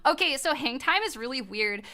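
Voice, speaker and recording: Young woman streamer, high bright voice, super excitable, laughs and swears a lot. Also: fairly quick. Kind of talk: casual live-stream chat.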